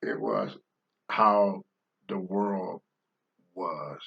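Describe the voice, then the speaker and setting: A man's voice: sits low, big pitch swings, extremely slow, creaky. An older man, a former pro wrestler, speaking bluntly and with profanity as a talk-show guest. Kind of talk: candid talk-show storytelling. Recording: dull lo-fi sound.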